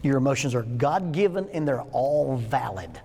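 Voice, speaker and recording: A man's voice: mid-range voice, expressive, normal speed, creaky, dark tone, husky. A man in his sixties teaching a church lesson, folksy and full of jokes, often asking his listeners questions. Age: 60s. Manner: folksy, joking storyteller asking the audience questions. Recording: hall with long echo.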